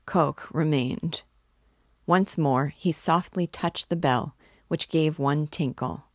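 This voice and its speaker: A woman reading a classic novel aloud as a guide, with measured, even narration. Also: low-pitched, no room sound, studio quality.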